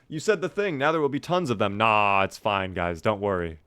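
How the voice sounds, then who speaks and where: A man's voice: on the low side, big pitch swings, brisk, hardly any pauses, fairly bright tone, clear, resonant tone. A man giving casual, jokey live-stream commentary over a game, chatting with and thanking his viewers.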